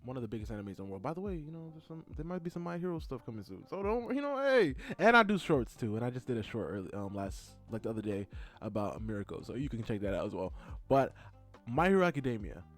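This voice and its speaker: Male vlogger, mid pitch, rambling excitable chat with lots of fillers, faint music behind. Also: quick pace. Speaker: art content creator. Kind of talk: rambling casual chat over a drawing video.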